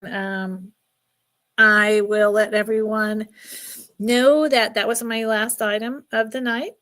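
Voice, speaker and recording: A woman's voice: medium pitch, steady tone, slow, a bit bright. A middle-aged woman hosting a casual live jewelry sale, chatty and emotional, often laughing. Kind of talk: casual live stream selling.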